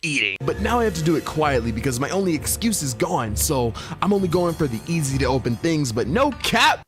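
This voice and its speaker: A young man narrating a comedic storytime in an expressive, playful way with slang. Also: fairly high pitch, a little fast, faint music behind.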